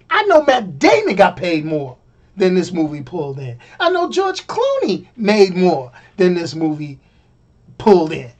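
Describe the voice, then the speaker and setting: A man giving a casual spoken movie review. He talks emphatically, repeats phrases for effect, laughs often, and swings between loud bursts and quiet asides. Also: high voice.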